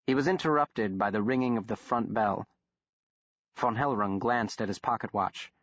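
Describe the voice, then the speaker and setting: Male horror audiobook narrator, steady, even delivery, dry, muffled studio sound. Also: on the low side, moderate pace, dry recording. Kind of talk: scripted narration. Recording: dull, dry studio recording.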